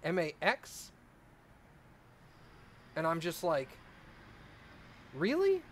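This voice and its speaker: Chatty, higher-voiced male streamer. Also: normal speed, a little hiss or hum. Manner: rambling, joking, chatty with viewers. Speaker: let's play streamer. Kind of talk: casual gameplay chat.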